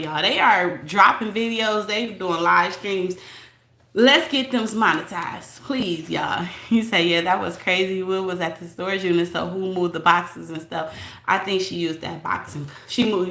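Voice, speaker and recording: A woman's voice: fairly low pitch, expressive, normal speed, pushed and bright, echoey room. A woman hosting a casual live stream, talking straight to her viewers in a chatty, blunt way and reading their comments aloud. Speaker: livestream host reading chat.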